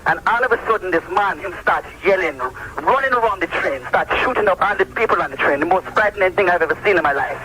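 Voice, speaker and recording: A man putting on a fake Jamaican accent as a prank caller posing as a train eyewitness, halting and repeating a catchphrase. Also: sits high, lively intonation, bright, forceful tone. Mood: mock-frightened. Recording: phone call aired on a radio show.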